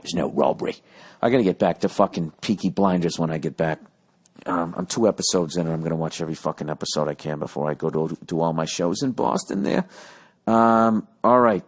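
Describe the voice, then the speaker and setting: A man in his late forties rants through a solo comedy podcast, swearing freely and mocking himself as he wanders from bit to bit. His voice sits on the low side of a man's speaking range. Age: 40s. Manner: profane, rambling, self-mocking. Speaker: podcast host. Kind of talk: casual comedic rant.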